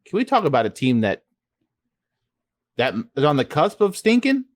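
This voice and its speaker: A man's voice: fairly high pitch, huge pitch swings, moderate pace, no echo. Laid-back man running through game picks. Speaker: podcast host. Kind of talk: casual sports chat.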